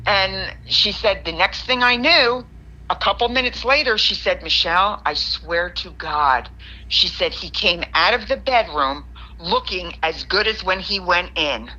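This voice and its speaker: A woman tells a story with animated asides, voicing her friend's words as she goes. Her voice is low-pitched yet bright. It comes through a dull, lo-fi line. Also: measured pace. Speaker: guest caller. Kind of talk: telling a paranormal story.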